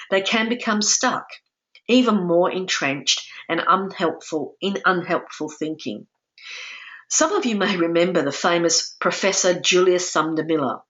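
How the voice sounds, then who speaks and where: A woman with a low-pitched voice presents a webinar lesson. She is calm and instructive, and she says sample phrases gently. The audio comes through dull and muffled, like a webinar recording. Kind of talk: lecture-style webinar.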